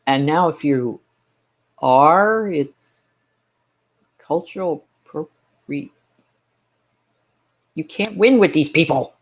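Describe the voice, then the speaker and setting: A man with a slightly higher-than-usual voice chats on his live stream to whoever drops in. He rants in a sarcastic, rambling way, stopping and restarting his thoughts as he goes. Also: lively intonation, slow pace, long pauses. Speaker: game streamer. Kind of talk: casual live-stream chat.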